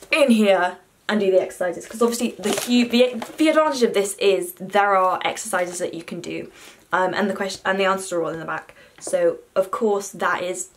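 A woman's voice: medium pitch, fairly bright tone. Chatty young woman vlogging. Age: young adult. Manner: chatty, self-deprecating, swears casually. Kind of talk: casual chat to camera.

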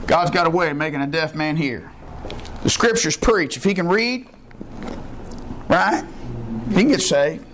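A man preaching a sermon as pastor of a church, impassioned and folksy, rising to shouts. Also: on the high side, expressive, moderate pace, pauses often, slight background noise.

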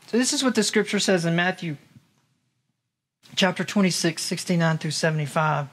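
Male pastor, high-pitched voice, casual sermon delivery with questions to the congregation. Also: expressive, moderate pace, a bit bright. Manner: conversational, rhetorical questions to the congregation. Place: church in Las Vegas.

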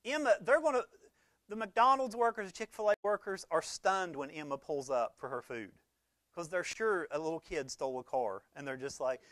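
A man, preaching a conversational sermon that swings between loud emphasis and quiet low talk. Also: fairly quick, no room sound. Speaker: pastor.

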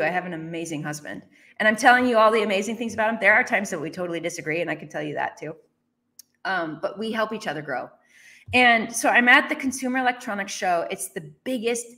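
A woman's voice: medium pitch, sharp tone. A woman in her thirties or forties telling a personal business story as a motivational speaker, acting out her own reactions with laughs.

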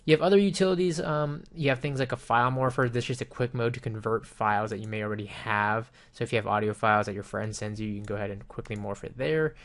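A man casually demonstrating a program on screen, explaining each step in a relaxed way with frequent ums and you-knows. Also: medium pitch, fast talker, hardly any pauses. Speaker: software reviewer. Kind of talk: casual screen-recorded software walkthrough. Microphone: desktop microphone with headphones.

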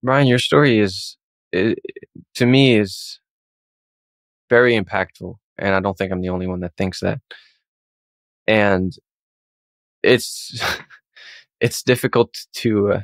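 A male interviewer speaks very slowly, with a measured, halting delivery. His voice sits a bit low, and the sound is dry with no room echo. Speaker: interview host. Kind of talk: interview response.

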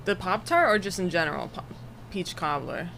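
A woman's voice: fairly low pitch, very animated, normal speed, vocal fry, a bit bright, slight background noise. A young woman livestreaming from home, chatting casually and greeting viewers one by one in a rambling way. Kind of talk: casual chat with live chat. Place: home room, air conditioner running.

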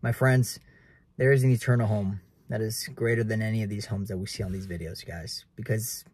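A man's voice: fairly low pitch, steady tone, brisk, a little mellow, slight background noise. Earnest young man preaching to camera. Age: 20s. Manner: earnest, keeps addressing viewers as guys. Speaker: realtor vlogger.

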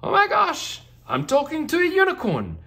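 A man voicing an excited, shy little girl in a children's storybook reading, high and eager. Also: unhurried. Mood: thrilled.

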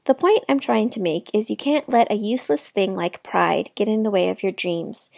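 A woman's voice: mid-range voice, moderate pace, creaky, a little mellow, no echo, clean studio sound. A woman reading aloud, voicing a plainspoken older man who gives frank advice. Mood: earnest. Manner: plainspoken, encouraging. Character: kindly blunt older man, a motel guest.

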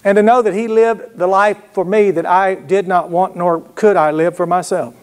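A man preaching with a drawl, his voice sitting a little high for a man. He spins homespun stories and keeps checking in with the congregation. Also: steady tone, moderate pace, smooth. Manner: folksy storytelling with call-and-response asides. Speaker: pastor. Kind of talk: sermon.

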